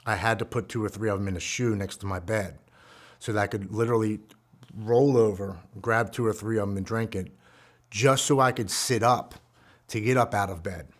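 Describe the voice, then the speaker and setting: A man's voice: lowish voice, normal speed. A man in his forties telling a raw, heartfelt story of his own recovery. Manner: earnest, raw and heartfelt, reliving painful memories. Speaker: guest speaker sharing a recovery story. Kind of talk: personal storytelling.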